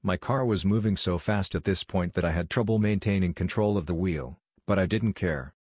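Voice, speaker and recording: A man narrates a horror story in a very low, deep voice, measured and subdued. The sound is dry and close, with no room around it. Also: darkish tone, breathy edge, dry recording.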